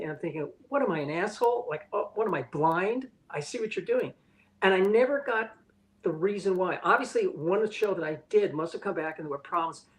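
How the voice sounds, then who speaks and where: His voice sits high, and the recording is rough. In an interview, this older animation director shares candid anecdotes in a blunt, foul-mouthed manner, playing out other people's quoted words.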